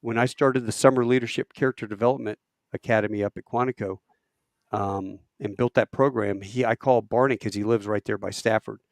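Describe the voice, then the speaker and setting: A man, a podcast guest, telling war stories in a lively way, acting out quotes with halting restarts. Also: lowish voice, no room sound. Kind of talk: animated war storytelling.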